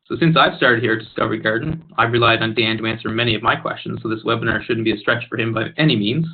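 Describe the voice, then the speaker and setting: Fast-talking man hosting a webinar. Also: medium pitch. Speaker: webinar host. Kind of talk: scripted company introduction. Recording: tinny phone-like webinar audio.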